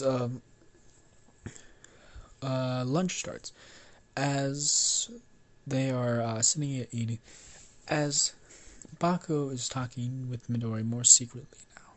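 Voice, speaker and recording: A man improvising a fan story aloud, rambling with restarts and swearing. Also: medium pitch.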